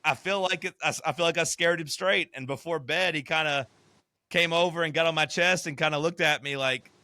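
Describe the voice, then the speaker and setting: Bright-voiced blunt podcast host. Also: male voice, a little high, brisk, dry recording. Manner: blunt, profane, joking. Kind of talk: casual chat.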